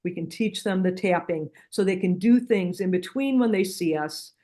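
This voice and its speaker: A woman's voice: mid-range voice, normal speed. A middle-aged woman, a guest practitioner from a healing center, explaining techniques and telling stories in an earnest, conversational interview, often restarting her sentences. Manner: earnest, with frequent restarts and lively retold dialogue.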